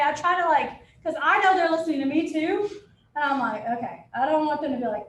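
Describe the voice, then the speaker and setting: Chatty high-voiced woman, echoey room. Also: quick pace, a little hiss or hum. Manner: chatty, candid, quotes people in lively asides. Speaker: real estate agent. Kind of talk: casual panel talk.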